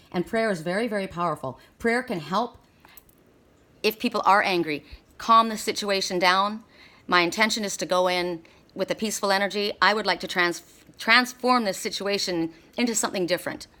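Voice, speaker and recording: A woman's voice: mid-range voice, fairly bright tone. A woman doing a spiritual oracle card reading, talking earnestly and encouragingly, often repeating her words.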